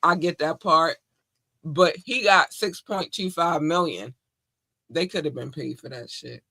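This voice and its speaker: A woman's voice: deep voice, measured pace, no room sound. A woman co-hosting a casual podcast, effusive and playful, speaking. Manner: bubbly and effusive, shouting out listeners. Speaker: podcast co-host.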